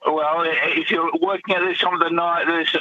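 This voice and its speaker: A man's voice: on the high side, level tone, normal speed. A man calling into a radio quiz by phone, plain-spoken and a little hesitant. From Western Australia. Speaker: caller. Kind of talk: casual phone chat. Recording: dull tinny phone line.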